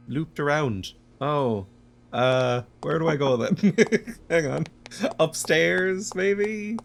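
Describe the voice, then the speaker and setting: A man's voice: on the high side, slow, gravelly, soft background music. A man hosting a let's play, giving casual, chatty commentary that mocks himself as he plays. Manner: chatty, self-mocking, laughs often.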